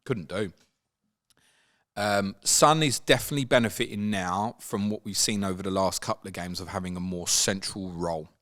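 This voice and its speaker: A man hosting a casual football chat, animated and swinging up high when he mimics players. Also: brisk, hardly any pauses. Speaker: football podcast host.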